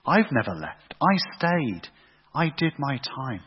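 A man's voice: mid-range voice, very animated, takes it slowly, a little hiss or hum. A man voicing a resentful older son who complains that he has earned his reward. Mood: indignant. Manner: aggrieved, self-justifying. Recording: echoey hall, dull lo-fi sound.

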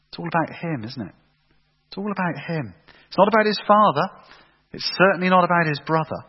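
Man preaching, slightly high voice, husky, long hall reverb. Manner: emphatic, repeats phrases for effect, asks rhetorical questions. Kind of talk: sermon. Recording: echoey hall, dull lo-fi sound.

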